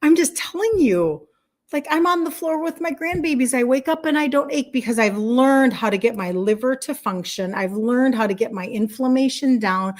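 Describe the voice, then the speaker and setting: A woman's voice: high voice, lively intonation, moderate pace, a little mellow. A woman in her sixties, a wellness coach chatting effusively with viewers on a live stream, rambling and laughing as she talks. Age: 60s. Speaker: wellness coach selling supplements.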